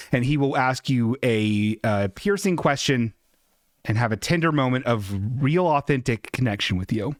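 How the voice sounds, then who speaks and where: A man hosts a casual solo podcast at a desk microphone, rambling, self-deprecating and swearing freely. His medium-pitched voice is expressive and moves at a moderate pace, recorded with clean studio sound and no echo.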